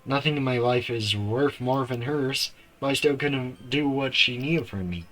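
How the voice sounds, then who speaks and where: A man's voice: mid-range voice, normal speed, few pauses, a bit bright, low-quality recording. A man streaming a game live, reading its story text aloud and breaking off into shocked outbursts.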